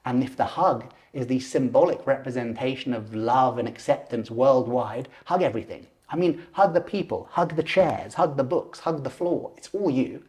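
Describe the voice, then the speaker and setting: A man in his forties, a lucid dreaming teacher and podcast guest, telling a personal story in an animated way. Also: mid-range voice. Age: 40s. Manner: animated, acts out voices and gestures while telling.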